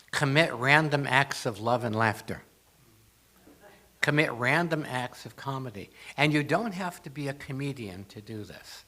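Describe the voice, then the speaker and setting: An older man gives a light, humorous talk to a congregation, telling stories and slipping into acted lines. His voice is bright and sits at a middle pitch. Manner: storytelling with jokes and acted asides. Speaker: guest speaker.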